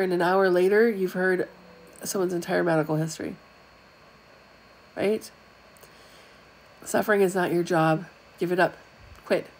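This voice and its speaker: A woman's voice: lowish voice, darkish tone, poor audio. A middle-aged woman giving a frank, chatty spiritual talk to online viewers, with casual asides. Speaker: spiritual teacher. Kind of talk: live-streamed spiritual talk.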